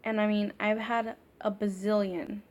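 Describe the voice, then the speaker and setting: A woman's voice: mid-range voice, level tone, a little slow. A woman telling a ghost story in a storytime vlog, casual and profane, filling her sentences with "like". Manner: casual and profane, heavy use of filler "like". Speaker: vlogger.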